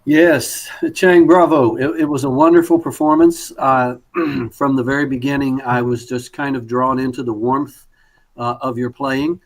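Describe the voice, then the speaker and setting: A man's voice: medium pitch, fairly even intonation, a little slow. Male conductor giving glowing feedback. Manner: warm praise, many fillers and restarts. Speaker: conductor and judge. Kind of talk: spoken feedback on a performance.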